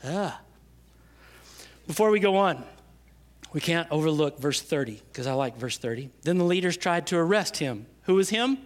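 A man preaching a sermon, stressing key phrases with slow, drawn-out words and swinging from loud to hushed. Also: on the high side, expressive. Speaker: pastor.

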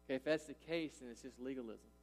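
Quick-paced and a little mellow, this mid-range male voice belongs to a pastor in his thirties preaching a sermon under long hall reverb. He stays emphatic, frequently checking in with "right?" and "listen."

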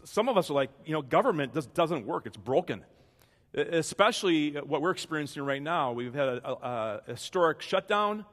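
A man preaches a sermon in a relaxed, conversational way, restarting phrases and pointing listeners to their notes. His voice sits a little high for a man. The sound rings with the long reverb of a large hall. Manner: conversational preaching with frequent restarts and fill-in-the-blank asides. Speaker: pastor.

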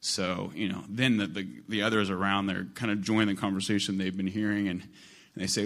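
A male preacher delivers a sermon in a relaxed, conversational way. His voice sits on the low side. He repeats phrases and stacks them to build his point. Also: brisk. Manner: conversational, repetitive, building emphasis.

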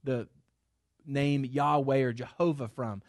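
A man's voice: mid-range voice, fairly even intonation, slow pace, no room sound, studio quality. A man teaching a small group about the Gospels in a loose, conversational way, with many fillers and restarts. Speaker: Bible teacher. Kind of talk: classroom Bible lesson. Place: room with a small group of listeners.

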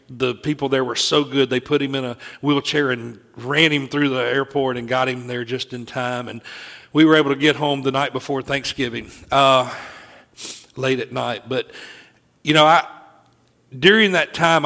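A man's voice: medium pitch, steady tone, moderate pace, gravelly, sharp tone. A middle-aged man preaching a sermon, telling a personal story in an earnest way and often restarting his sentences.

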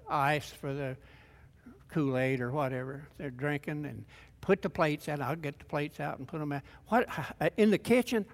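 High-voiced older man preaching in an echoing hall. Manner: folksy, conversational preaching with repeated restarts, building to fervent emphasis. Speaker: pastor. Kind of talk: sermon.

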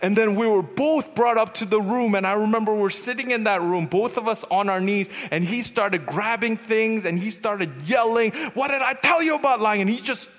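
A man giving a personal testimony as a retreat speaker, storytelling and swinging from hushed to loud. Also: sits high, moderate pace, hardly any pauses. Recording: long hall reverb.

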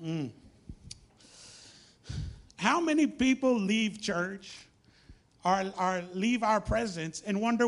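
Man, high voice, animated preacher telling stories. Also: slow pace, pauses often. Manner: animated storytelling, acts out dialogue. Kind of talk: sermon.

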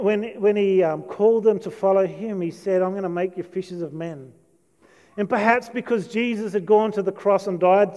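A man's voice: sits high, warm tone. A man preaching a sermon with enthusiasm, telling a Bible story with casual asides and quoted lines. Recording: long hall reverb.

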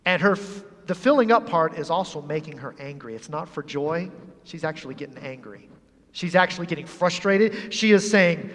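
Male pastor, high voice, lively humorous sermon, acts out scenes, church, long hall reverb. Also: moderate pace. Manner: animated and humorous, acting out scenes. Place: church sanctuary.

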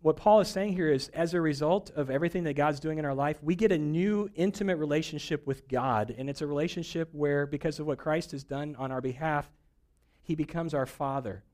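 A man's voice: fairly high pitch, brisk, darkish tone. A man preaching a sermon in a conversational, joking way, a pastor who acts out little voices to make his points. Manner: conversational and humorous, acting out voices for jokes.

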